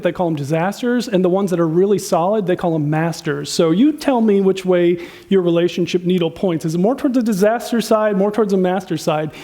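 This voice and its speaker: A man's voice: high voice, a little mellow. A man preaching a sermon on relationships in a conversational way, asking the congregation questions and acting out spouses' complaints in a raised voice. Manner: conversational, asks the audience questions. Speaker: pastor.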